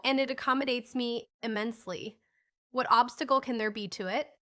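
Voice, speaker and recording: A woman voicing a bossy, impatient old gentleman in an audiobook, brusque and quick to snap. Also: on the high side, fairly even intonation.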